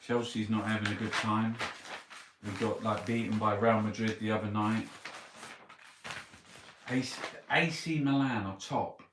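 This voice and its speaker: A man's voice: fairly low pitch, steady tone, unhurried, pauses often. A middle-aged man with a Cockney accent who rambles through a newspaper review, grumbling and swearing to himself. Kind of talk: rambling casual monologue. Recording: roomy, distant mic with background noise.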